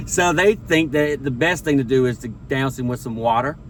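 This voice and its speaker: A man doing a stand-up comedy routine, telling a profane story full of quick quoted impressions. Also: mid-range voice, background noise.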